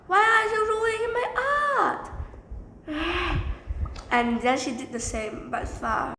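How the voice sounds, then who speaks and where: A young woman narrates a classroom story in a high, unhurried voice, rambling and restarting her sentences now and then. The room rings with echo and a faint background hum. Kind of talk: casual storytime narration with acted quotes.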